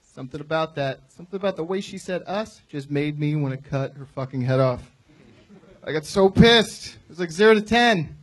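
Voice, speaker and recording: A man's voice: fairly high pitch, lively intonation, moderate pace. A male stand-up comic telling a ranting, exasperated story at a live show. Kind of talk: stand-up set, then defending it. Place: live comedy venue.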